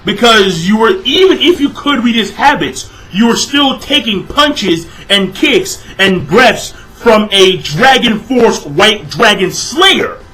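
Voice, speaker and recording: A man's voice: sits high, big pitch swings, slow pace, few pauses, pushed and bright, low-quality recording. A young man giving a casual, exasperated review of a manga chapter, swearing constantly and padding his talk with fillers. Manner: profane, exasperated, filler-heavy ranting.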